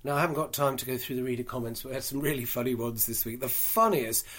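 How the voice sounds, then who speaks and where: A man's voice: medium pitch, fairly even intonation, racing. A British man hosting a solo podcast, giving chatty, frank market commentary full of dry asides and fillers. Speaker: podcast host.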